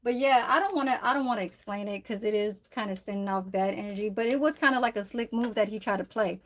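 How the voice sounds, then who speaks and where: A woman's voice: mid-range voice, quick pace. A woman chatting casually on a cooking livestream, telling a rambling, profane story to her viewers while she cooks in a kitchen. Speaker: livestream cook.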